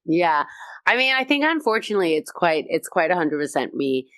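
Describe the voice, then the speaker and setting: A woman comedian chatting as a guest in an interview, telling stories with high energy. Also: fairly quick, no echo, studio quality. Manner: high-energy, animated storytelling. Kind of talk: casual interview chat.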